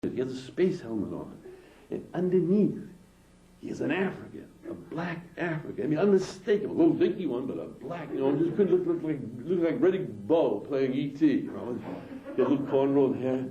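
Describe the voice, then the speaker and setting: A man's voice: a little high, lively intonation, fairly quick, mellow. A man doing stand-up, telling a long story loosely with lots of asides. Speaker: comedian. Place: small theatre stage. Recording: dull, echoey small theatre.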